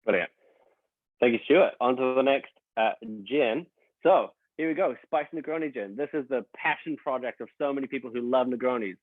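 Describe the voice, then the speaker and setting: A man's voice: medium pitch, moderate pace, no room sound. A man working as a brand ambassador, presenting a tasting in a friendly, upbeat way. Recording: dry, tinny phone-like audio.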